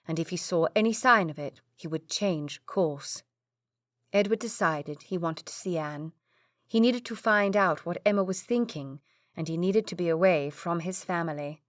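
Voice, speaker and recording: Woman narrating a romance audiobook, low and dry. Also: no echo. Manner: steady storytelling. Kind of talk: scripted narration.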